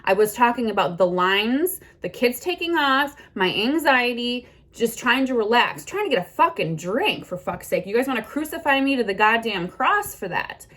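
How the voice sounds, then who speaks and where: A woman's voice: fairly high pitch, very animated, normal speed, few pauses, a bit bright. A middle-aged woman vlogging a defensive rant, blunt and indignant, swearing a lot.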